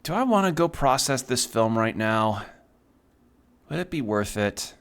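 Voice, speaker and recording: A man's voice: medium pitch, very animated, unhurried, fairly bright tone. A man streaming a video game, chatting casually and rambling between thoughts, with the odd swear word. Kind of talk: casual chat while playing a video game.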